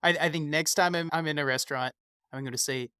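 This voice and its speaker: A man's voice: fairly high pitch, steady tone, quick pace, bright, forceful tone, clean tone, no echo, studio quality. A young man co-hosting a podcast, affable and easygoing. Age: young adult. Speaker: podcast co-host. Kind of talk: casual news podcast chat.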